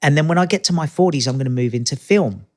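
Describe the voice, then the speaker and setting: A man's voice: on the high side, quick pace. A man in his fifties with an Australian accent, chatting as a guest in an interview and acting out voices in his stories. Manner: animated, acts out quoted voices in anecdotes. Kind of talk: casual interview chat.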